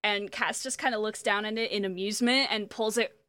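A woman co-hosting a podcast, recapping an episode in a casual, animated, profane way. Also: medium pitch, fairly quick, clear, resonant tone, dry recording. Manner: animated and profane, acts out quoted lines.

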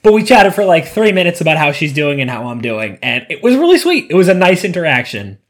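Podcast co-host, male, lively storyteller with a swooping, expressive voice. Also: on the high side, fast. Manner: animated storyteller, acts out voices. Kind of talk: casual chat.

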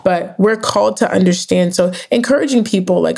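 A woman's voice: mid-range voice, fairly quick, gravelly, few pauses, a little mellow. A young adult woman, a therapist and author, earnestly explaining ideas in an interview and often checking in with "right?". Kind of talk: interview conversation.

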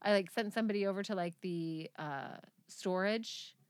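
A woman co-hosting a podcast chats loosely and tells long, rambling stories, often breaking into laughter. Her voice sits at an ordinary middle pitch. The sound is dry and close, with no room echo. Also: normal speed, clean tone. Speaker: podcast co-host. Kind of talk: casual chat.

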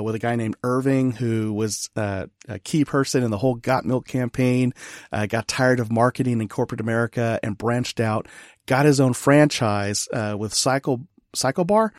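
A chatty male podcast host who laughs easily and pokes fun at himself, keeping the conversation loose and friendly. His voice sits at an ordinary middle pitch and is recorded close to the mic, dry with no room sound. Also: dry recording. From California. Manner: chatty, laughing, self-deprecating. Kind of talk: casual interview chat.

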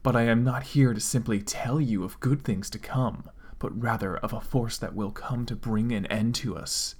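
A grave, all-powerful male death spirit, as a man reads him out makes slow, solemn pronouncements. The voice sits at a middle pitch and keeps a heavy, ceremonial tone. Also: darkish tone, husky, natural voice.

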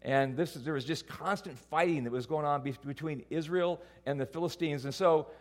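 A man preaching a sermon to a church congregation, telling a personal story in an animated, self-mocking way. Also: a little high, brisk. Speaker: pastor.

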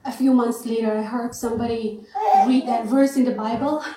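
A woman's voice: a little high, fairly even intonation, normal speed, crowd noise. A woman from India with an Indian accent, sharing an earnest, lightly self-joking testimony from a church pulpit. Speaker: guest speaker. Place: church sanctuary. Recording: echoey church hall.

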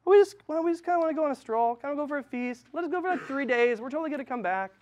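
A man's voice: extremely high pitch, lively intonation, rapid-fire, darkish tone, dull audio, pitched above the performer's own voice. A man voicing Moses as a nervous, sheepish grown man who keeps watering down his message. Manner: sheepish, bargaining, rambling.

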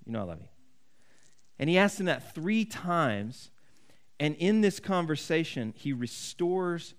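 A man preaching a sermon in an earnest, conversational way, often restarting his sentences. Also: mid-range voice. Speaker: pastor.

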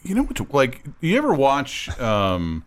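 A man's voice: mid-range voice, huge pitch swings, measured pace. A man co-hosting a sports talk radio show, chatting loosely and reading listener messages. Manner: loose and searching, full of fillers. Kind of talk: casual sports talk chat.

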